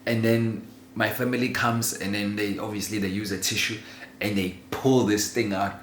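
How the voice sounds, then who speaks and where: A man telling a childhood story in a casual, animated way, laughing often and swearing freely. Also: lowish voice, moderate pace. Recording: roomy echo with faint ambient noise.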